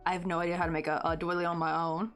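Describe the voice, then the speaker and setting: A young woman with a Southern Tennessee accent crochets at her desk on a live stream, rambling through casual chat full of "like" and "um" as she answers viewers. Her voice is on the low side and fairly bright, with little pitch movement, and she talks at a racing speed. Faint music plays behind her.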